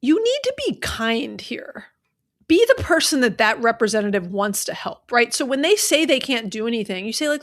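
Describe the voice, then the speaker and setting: A woman's voice: a little high, expressive, fairly quick. A woman co-hosting a money podcast, chatting casually with lots of fillers and acting out sample call scripts. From American South. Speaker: podcast co-host. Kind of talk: casual chat.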